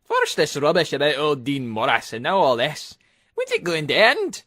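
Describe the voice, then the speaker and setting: Man doing a high, jeering engine for a storybook, scornful and bright. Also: huge pitch swings, normal speed, no room sound, clean studio sound. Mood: mocking. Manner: teasing, scoffing. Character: mocking scornful male steam engine.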